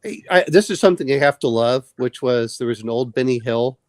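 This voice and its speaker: A man's voice: medium pitch, brisk, a little mellow, no echo. Rambling man telling stories, dry sound. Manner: rambling storyteller, repeats words. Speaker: podcast co-host. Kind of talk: casual late-night chat.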